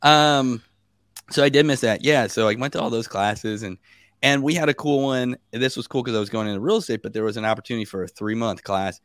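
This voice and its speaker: A man in his thirties, a guest on a podcast, telling stories in a casual and animated way, laughing and acting out what people said. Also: medium pitch, fairly quick, no echo, studio quality.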